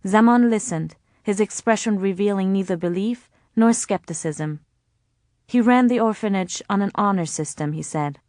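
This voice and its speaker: A woman reading a novel aloud in measured, scripted narration. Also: mid-range voice, a little mellow, dry recording, studio quality. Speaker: audiobook narrator.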